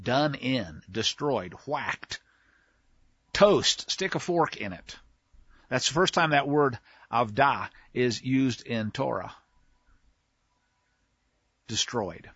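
A man's voice: mid-range voice, animated, slow pace, fairly bright tone, slightly rough, no echo. A man teaching scripture verse by verse in a casual, folksy way, with slang asides. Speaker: Bible teacher. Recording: dull lo-fi, dry sound.

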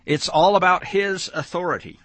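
A man's voice: high-pitched, normal speed, fairly bright tone, no echo. A man giving a conversational weekly scripture teaching, explaining verses with frequent fillers and restarts. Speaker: Bible teacher. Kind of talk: weekly Torah portion teaching.

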